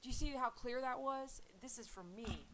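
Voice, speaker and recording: On a rough recording with a little background noise, a dog groomer and channel host talks about faith in a high-pitched, somewhat bright voice at a moderate pace. Earnest and casual, she wanders and says things more than once.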